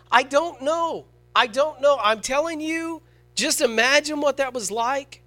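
A high-pitched male preacher delivering a sermon to his congregation. He punches key words loudly, then drops to a hushed, slow tone whenever he reads scripture. He often turns to the crowd with rhetorical questions. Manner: swings from loud emphatic stress to quiet, slow scripture reading.

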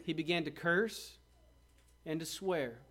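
A man's voice: on the high side, slow, fairly bright tone. A man preaching a sermon, with dramatic quoted asides and rhetorical questions. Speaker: pastor.

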